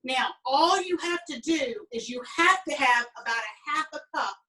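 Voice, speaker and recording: A Southern woman teaching cooking speaks with a high, sharp, expressive voice at a moderate pace. Folksy and chatty with many fillers, she mixes in family stories, and the recording places her somewhat away from the mic.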